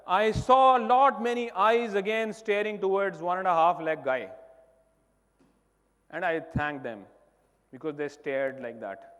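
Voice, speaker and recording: A high-pitched Indian man speaks from a stage in a large hall, and his voice carries a long reverb. He tells his story emphatically, rising to loud bursts and dropping to near-quiet passages. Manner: emphatic storytelling, swings between loud and soft. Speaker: keynote speaker. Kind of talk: motivational stage talk.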